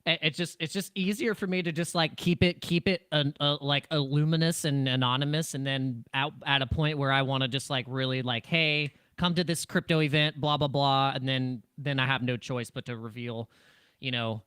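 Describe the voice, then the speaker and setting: A man's voice: medium pitch, steady tone, normal speed, bright, forceful tone, clear, resonant tone, dry recording, clean studio sound. A man hosting a casual crypto live stream, rambling and jokey, with frequent restarts and laughs. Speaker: crypto livestream host.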